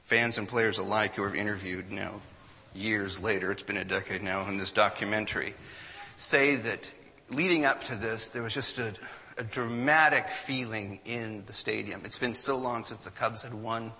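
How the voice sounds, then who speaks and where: A man telling a story to an audience in an animated way, acting out what people said. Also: on the low side, normal speed, long reverb tail. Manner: animated storyteller, acts out quotes.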